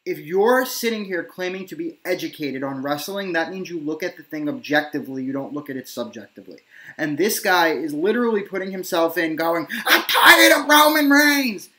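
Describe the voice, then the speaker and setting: A man's voice: on the high side, brisk, fairly bright tone. A man from New York hosting a casual wrestling debate, emphatic and opinionated, talking in long runs. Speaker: podcast host.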